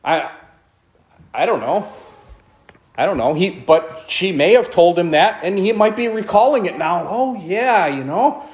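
High-voiced man teaching Bible verses. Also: animated, unhurried, pauses often. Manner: reads scripture aloud then comments with playful asides and laughs. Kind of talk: casual verse-by-verse Bible study.

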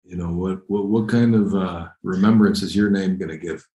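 Male preacher, lowish voice, emphatic and conversational, roomy echo. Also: fairly even intonation, normal speed, warm tone. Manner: conversational, emphatic, repeats phrases. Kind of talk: expository sermon.

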